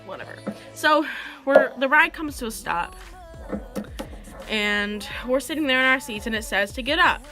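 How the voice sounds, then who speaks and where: A woman's voice: high-pitched, expressive, moderate pace, pauses often, loud music behind the voice. A teenage girl telling a story to camera in a rambling, chatty way, full of "like.". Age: teenager, about 16. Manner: chatty, rambling, heavy use of "like". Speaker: vlogger.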